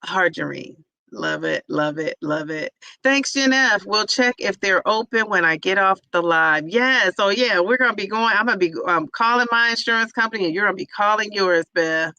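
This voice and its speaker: A woman's voice: medium pitch, a little fast, hardly any pauses, bright, forceful tone, clear, resonant tone, no room sound, rough recording. A woman teacher hosting a casual livestream, reading viewer comments, laughing often and stretching out names in a sing-song way.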